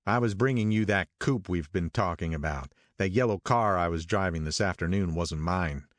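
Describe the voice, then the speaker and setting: A man reading an audiobook, voicing a brusque, commanding wealthy man with gruff authority. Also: low-pitched, normal speed, no room sound, close to an everyday voice. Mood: urgent. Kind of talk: audiobook character voice.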